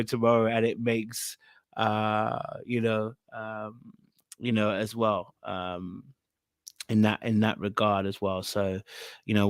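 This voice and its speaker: A man's voice: medium pitch, fairly bright tone, dry recording, clean studio sound. Rambling male podcast host. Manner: rambling, filler-heavy, laughs at the clip. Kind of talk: casual podcast commentary.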